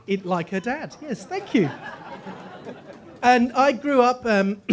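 A man's voice: very high voice, lively intonation, takes it slowly, a crowd in the background, noisy background. A man in his forties with a posh English accent, telling his personal faith story with self-deprecating jokes. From Northeast England. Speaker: guest speaker. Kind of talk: humorous personal testimony.

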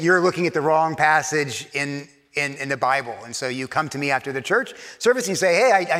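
A man's voice: on the high side, a bit bright. A man preaching a sermon in a conversational way, often repeating words and acting out imagined quotes. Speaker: pastor. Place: church. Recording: long church reverb.

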